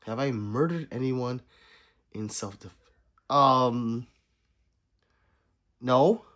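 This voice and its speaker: A man's voice: mid-range voice, very slow, a bit bright. A man livestreaming casually, reading his chat aloud and joking back at viewers.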